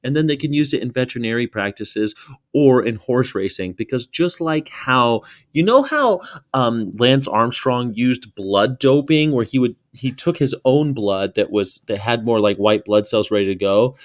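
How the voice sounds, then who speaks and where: A man's voice: medium pitch, lively intonation, normal speed. Profane, rambling man reacting to a video. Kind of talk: casual reaction commentary.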